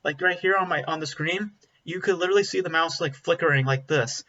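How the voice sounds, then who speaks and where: Male film reviewer, bright forceful voice, blunt and rambling, slightly dull lo-fi audio. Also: on the high side, a little fast. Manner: blunt, rambling, frequent ums and restarts. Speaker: movie reviewer. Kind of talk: casual spoken film review.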